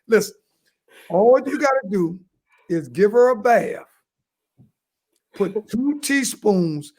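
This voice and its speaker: A man's voice: high-pitched, lively intonation, slow pace, long pauses, a little mellow. A man co-hosting a comedy podcast, giving crude advice in a boastful, repetitive way and laughing at his own jokes. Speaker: podcast co-host.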